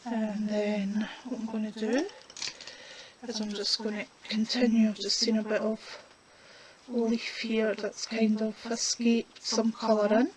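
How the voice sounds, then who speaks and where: A woman's voice: on the high side, little pitch movement, crowd noise, low-quality recording. A woman, chatting casually while demonstrating a colouring craft. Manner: chatty, unhurried, talks while working.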